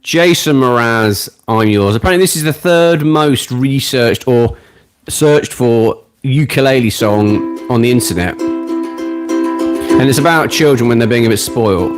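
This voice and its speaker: A man's voice: mid-range voice, unhurried, over music. A British man in his late forties, hosting a ukulele live stream in a chatty, self-deprecating, joking way. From Britain. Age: late 40s. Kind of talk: casual live-stream chat. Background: ukulele playing.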